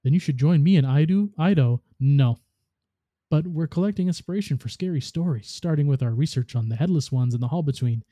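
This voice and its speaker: Upbeat eager male ghost read by a man, mellow dark tone, dry. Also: fairly high pitch, a little fast, dry recording, natural voice. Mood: cheerful. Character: cheerful friendly male ghost robot.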